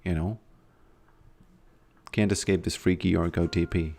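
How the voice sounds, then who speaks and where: A man's voice: low voice, steady tone, measured pace, gravelly, mellow, faint music behind. A man streaming a game and chatting casually with his viewers, laid-back and often trailing off mid-sentence. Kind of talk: casual livestream chat while gaming.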